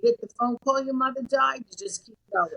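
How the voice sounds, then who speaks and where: A woman's voice: sits high, brisk, gravelly, a bit bright. An older woman, a podcast guest telling a long story bluntly and with salty swearing. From Brooklyn, New York. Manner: brash, blunt, swears freely.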